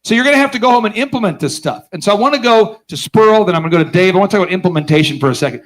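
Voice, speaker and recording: Energetic sarcastic man telling stories on stage. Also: high-pitched, rapid-fire. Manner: energetic, sarcastic, acts out voices in his stories; keeps quizzing the audience. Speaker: business conference host. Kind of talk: live seminar storytelling to an audience.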